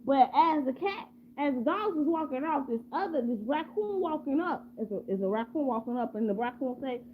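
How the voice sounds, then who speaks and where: High-voiced woman rambling through a made-up story. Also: animated, a little fast. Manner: rambling, repetitive, asks listeners questions. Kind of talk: improvised casual storytelling. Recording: tinny phone-like, faint hum.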